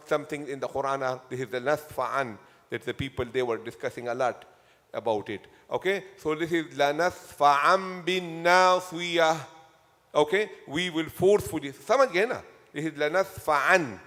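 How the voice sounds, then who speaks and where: A man's voice: fairly high pitch, a bit bright. A man teaching a Quran commentary class in a mosque, patiently drilling terms by repeating them and quizzing his students. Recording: long hall reverb.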